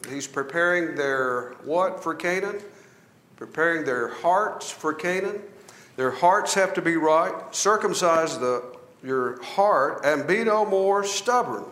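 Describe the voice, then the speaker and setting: Male Bible class teacher, slightly high voice, reads scripture and quizzes the room, echoey recording. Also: a bit bright. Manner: asks the class questions, then answers them himself. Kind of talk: Bible study lesson, reading scripture aloud.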